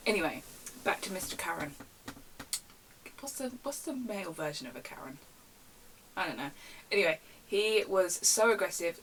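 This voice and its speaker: A young woman rants casually on her vlog, retelling customer service stories in a chatty, animated way from her bedroom at home. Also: on the low side, vocal fry, far from the mic, slight background noise, poor audio. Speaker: vlogger. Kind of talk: casual storytime rant.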